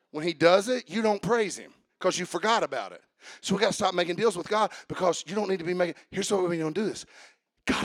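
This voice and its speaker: A man preaching a sermon, swinging from quiet talk to shouting and chanting as he coaches the congregation. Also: sits high, no echo.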